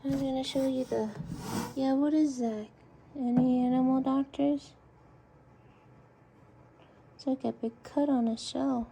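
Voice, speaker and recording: A woman's voice: high-pitched, steady tone, a little slow, creaky, pauses often, mellow, a little hiss or hum. A woman vlogger talking to a rescued turtle in cooing, coaxing baby talk. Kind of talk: casual vlog talking to a pet turtle.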